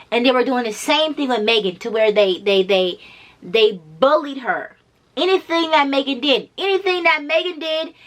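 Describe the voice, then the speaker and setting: A woman's voice: fairly high pitch, a bit bright. A woman vlogger giving casual reaction commentary, blunt and emphatic, swearing freely and repeating her points.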